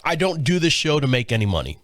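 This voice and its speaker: A man's voice: a little high, sing-song, quick pace, fairly bright tone, no echo, studio quality. A man hosting a podcast, telling a long story in a casual, rambling way with frequent restarts. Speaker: podcast host.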